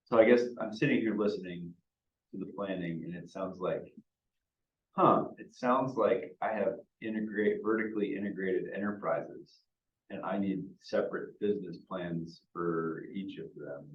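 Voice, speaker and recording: A man attending a workshop who speaks up from the audience in a wry, quietly rueful way. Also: low-pitched, moderate pace. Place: meeting room audience. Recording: distant, echoey lo-fi room audio.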